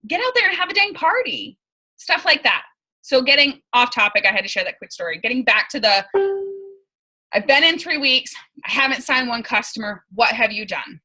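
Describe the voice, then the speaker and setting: A woman's voice: a little high, very animated, normal speed, sharp tone, rough recording. Chatty woman coaching on a video call. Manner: chatty, emphatic, laughs often. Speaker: team leader.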